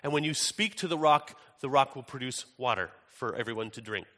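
A preacher voicing a calm, easygoing God. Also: male voice, mid-range voice, brisk, long reverb tail, close to an everyday voice. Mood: reassuring. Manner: casual, matter-of-fact retelling. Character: calm patient male God giving instructions.

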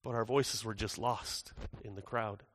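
A man playing the apostle John as an older man in a first-person dramatic monologue, earnest, moving between hushed and urgent. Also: on the low side, steady tone, unhurried. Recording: echoey hall with long reverb.

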